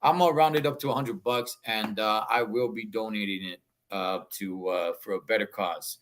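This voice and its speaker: A man's voice: fairly low pitch, normal speed, fairly bright tone, slight background noise. A male host wrapping up his show in a casual, enthusiastic way, slipping in Spanish words. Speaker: podcast host.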